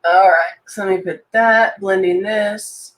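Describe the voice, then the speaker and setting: A woman's voice: mid-range voice, steady tone, a little slow. A woman chatting casually on a live stream as she demonstrates makeup. She talks chattily and with enthusiasm, and reads out viewer comments as she goes. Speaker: makeup consultant hosting a live demo.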